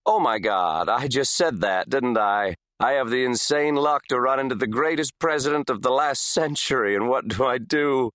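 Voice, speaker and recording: A man's voice: medium pitch, normal speed, few pauses, dry recording, clean studio sound, pitched above the performer's own voice, natural voice. A man doing a flustered, gushing fan. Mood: fawning. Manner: gushing, flustered, a little too loud. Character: fawning pale blond man, starstruck autograph seeker.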